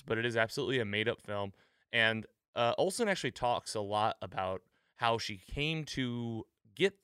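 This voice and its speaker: Bright, crisp-voiced man hosting a podcast. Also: mid-range voice, no echo, studio quality. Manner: rambling, many fillers and restarts. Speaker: podcast host. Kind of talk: casual podcast commentary.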